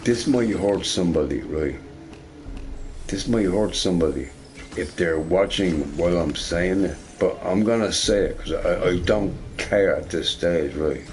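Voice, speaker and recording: A man's voice: deep voice, unhurried, a little mellow, soft background music. A middle-aged man ranting casually while he games, swearing and tagging his lines with "right?". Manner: rambling, profane, tags lines with "right?". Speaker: shop boss and gamer. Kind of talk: casual rant while gaming.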